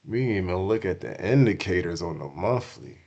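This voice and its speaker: A man giving casual, slangy crypto market commentary to his chat, swinging from hyped shouts to hushed apologies and repeating himself. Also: sits low, lively intonation, fairly quick, gravelly, lo-fi sound. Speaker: crypto streamer.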